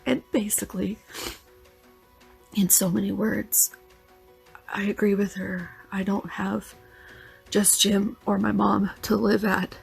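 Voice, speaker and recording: A woman's voice: mid-range voice, little pitch movement, slow, gravelly, pauses often, slightly rough, soft background music. A woman leaving a rambling, heartfelt voice message for a relative. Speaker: vlogger.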